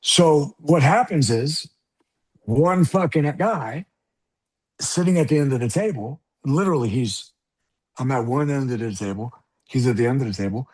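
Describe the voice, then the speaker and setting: A middle-aged man from the South Bronx telling an animated, profane story as an interview guest, acting out the people in it. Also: mid-range voice, normal speed. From South Bronx, New York. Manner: animated, profane, acts out voices in anecdotes. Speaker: guest actor.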